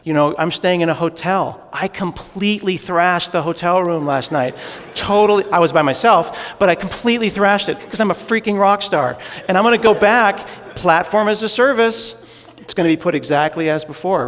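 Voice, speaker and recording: A man with a somewhat high voice delivers a humorous tech conference talk, poking fun at himself as he tells stories. His voice rings out with a long reverb in a large hall. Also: fairly bright tone. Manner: joking, self-deprecating storyteller. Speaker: conference speaker.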